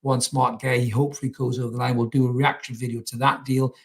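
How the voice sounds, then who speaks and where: A man's voice: mid-range voice, flat delivery, fast. Sweary laddish man. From North East England. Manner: blunt, sweary, laddish banter. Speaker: podcast host. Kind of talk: casual live-stream football chat.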